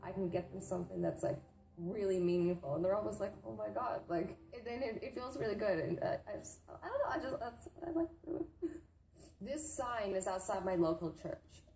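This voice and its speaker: A woman's voice: medium pitch, animated, a little fast, dark tone. A woman in her twenties gives casual reaction commentary as a YouTuber, chatty and gushing, often filling with "like" and restarting her sentences. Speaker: YouTuber reacting to wholesome posts. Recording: roomy echo, faint background noise.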